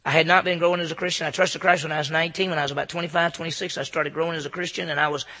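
A man's voice: fairly high pitch, steady tone, rapid-fire, bright, forceful tone, long reverb tail. A man giving an earnest, informal devotional talk to a group in a room, often stammering and restarting his sentences. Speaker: Christian speaker.

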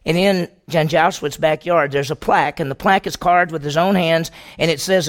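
A man preaching a sermon to a congregation, telling a story dramatically, moving from loud questions to hushed, slow passages. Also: on the high side. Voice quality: gravelly.

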